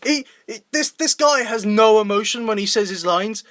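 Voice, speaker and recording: A young man chatting on a casual podcast, his voice sitting a little high. He rambles, stumbles over and repeats words, and laughs often. The sound is close and dry. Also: moderate pace, hardly any pauses, fairly bright tone, no room sound. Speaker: podcast co-host and indie filmmaker.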